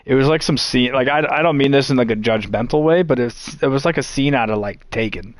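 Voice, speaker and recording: A man's voice: mid-range voice, a little fast, no room sound. A man telling a long story in casual chat, rambling and swearing, laughing often as he goes.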